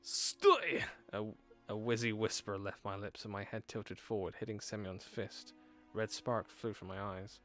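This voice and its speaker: Man, low voice, streamer reading a visual novel, dramatic, laughing asides, faint music. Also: flat delivery, normal speed, hardly any pauses. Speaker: gaming streamer.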